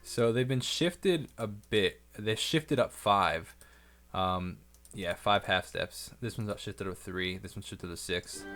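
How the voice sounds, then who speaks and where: Male producer, casual and excitable studio walkthrough, mid-pitched voice, faint music under him. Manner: excitable, talks fast in bursts, corrects himself mid-sentence. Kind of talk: casual track-by-track production breakdown. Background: faint music from his session playback.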